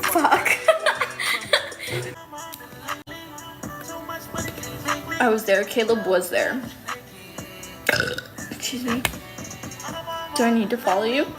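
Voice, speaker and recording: A woman chats in a relaxed, unhurried way on her stream, burping often and apologizing with a laugh each time. Her voice sits a little high and her speech comes slowly. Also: over music. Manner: burps repeatedly, apologizing with a laugh. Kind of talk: casual livestream chat.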